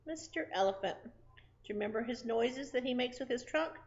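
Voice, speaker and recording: A woman preschool teacher leads a circle time lesson. She talks slowly and sing-song to small children. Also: fairly high pitch, steady tone, highs cut off.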